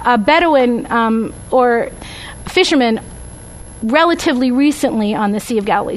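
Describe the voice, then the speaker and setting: A high-pitched woman teaches a Bible study class with slides, speaking conversationally and often checking in with "right?" and "okay?". The recording quality is low.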